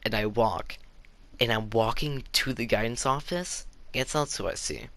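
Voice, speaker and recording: Gravelly teenage boy telling a story. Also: mid-range voice, animated, measured pace, a bit bright. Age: teens. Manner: rambling, heavy on "like" fillers. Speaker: YouTuber. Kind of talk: casual story time.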